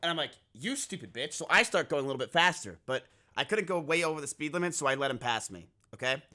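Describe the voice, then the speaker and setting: A man's voice: fairly high pitch, quick pace. A young man streaming, telling a story in casual chat, swearing freely and acting out what people said. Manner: animated, swears freely, acts out quotes.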